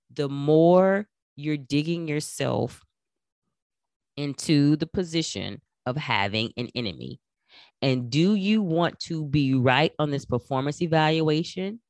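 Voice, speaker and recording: A middle-aged woman coaching listeners on their careers, her voice sitting a little low for a woman. She talks with emphatic, animated energy and acts out the remarks she quotes. The sound is dry and close, with no room around it. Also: no room sound. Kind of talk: instructional talk.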